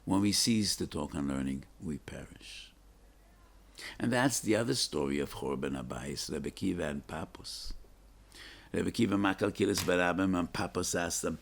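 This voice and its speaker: A man's voice: low voice, moderate pace, creaky. An older man, a rabbi giving a class, telling stories in an earnest, emphatic way and mixing Hebrew and Yiddish terms into his English. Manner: earnest and emphatic, with rising, pleading questions. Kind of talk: storytelling Torah lecture.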